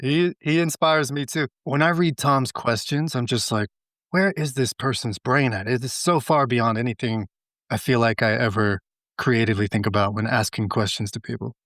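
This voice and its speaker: An American man co-hosting an interview, easygoing and quick to laugh and joke. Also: mid-range voice, fairly bright tone, no room sound, studio quality. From United States. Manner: laughs easily, joking. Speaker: podcast co-host.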